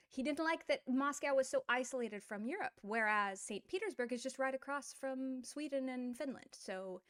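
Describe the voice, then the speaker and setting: A middle-aged woman teaching an online language lesson, explaining in a playful, animated way with quick asides. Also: high-pitched, smooth, dry recording, studio quality.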